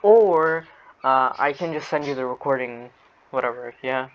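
A man's voice: mid-range voice, normal speed, dull audio. A man co-hosting a casual podcast, loose and profane, laughing often, on a cheap mic with a fan humming behind. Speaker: podcast co-host. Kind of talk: casual chat. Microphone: cheap non-noise-cancelling microphone. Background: fan hum and birds.

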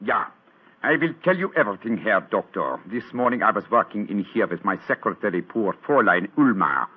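A man's voice: on the low side, sing-song, a little fast, breathy edge. A man faking a stiff German count, tinny. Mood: formal. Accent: put-on German. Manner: stiff, formal, exaggerated courtesy. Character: detective disguised as a German count. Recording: tinny old radio broadcast.

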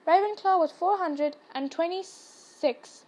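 A woman's voice: very high voice, slow pace, a little mellow, dull audio, pitched above the performer's own voice. A woman voicing a cheerful, whimsical old male headmaster who rambles.

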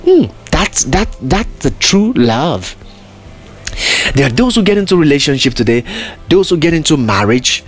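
A man's voice: medium pitch, big pitch swings, normal speed, faint music behind. A man hosting a podcast, preaching in an emphatic, repetitive way full of rhetorical questions. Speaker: podcast host. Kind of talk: preaching monologue.

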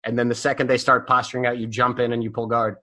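A man telling stories in a casual, animated way, swearing freely and leaning on fillers. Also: medium pitch, fast. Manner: animated, profane, full of fillers. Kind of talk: casual storytelling.

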